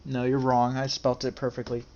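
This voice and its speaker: A man's voice: mid-range voice, monotone, a little fast, a little mellow, muffled recording, a little hiss or hum. A man hosting a casual chat, cursing freely and mocking himself as he talks. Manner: profane, self-mocking, laughs easily. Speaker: channel host.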